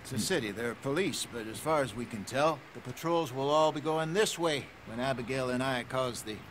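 An actor playing a scheming, persuasive outlaw planner in a western game. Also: male voice, mid-range voice, fairly quick, fairly bright tone, a little hiss or hum, close to an everyday voice. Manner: persuasive, pushy.

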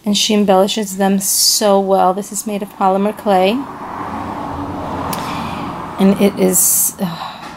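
Gushing woman with a gravelly voice. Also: medium pitch, monotone, a little slow, pauses often, noisy background. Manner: gushing and enthusiastic, repeats praise words; searches for words, trails off mid-sentence. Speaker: craft vlogger showing a package. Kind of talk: casual chat to camera.

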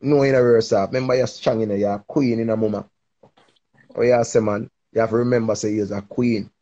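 A man's voice: fairly low pitch, fairly even intonation, fairly quick, mellow, muffled recording. A man, hosting a casual advice chat and encouraging a listener in a preachy tone. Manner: preachy, encouraging, patois-heavy. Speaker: live stream host giving advice.

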